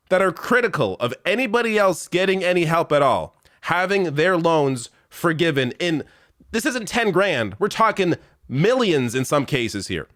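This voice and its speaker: A man's voice: on the high side, sing-song, normal speed, fairly bright tone, no echo. Exasperated male political commentator, dry sound. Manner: exasperated, sarcastic, rattles off lists.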